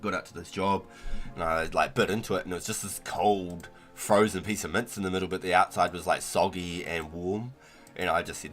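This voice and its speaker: A man's voice: deep voice, fairly even intonation, brisk, fairly bright tone, soft background music. A young man, chatting casually and rambling on a gaming livestream, full of slang like "bro". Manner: laid-back, slangy, rambling with frequent "bro" and "like". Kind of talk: casual gaming stream chat.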